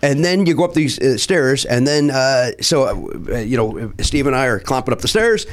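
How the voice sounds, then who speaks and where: A man's voice: medium pitch, normal speed. A man telling a long anecdote in casual chat, acting out what people said with many restarts. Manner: animated, acts out quotes, restarts often. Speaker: storyteller guest.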